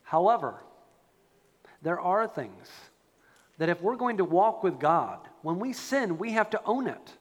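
A man preaching a sermon as a pastor, animated and acting out quoted prayers. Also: high voice, a little slow, big-room sound.

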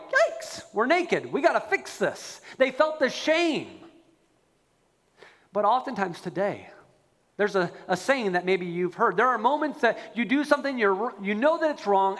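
A man preaching a sermon as a pastor, animated and acting out quoted prayers. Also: high voice, long reverb tail.

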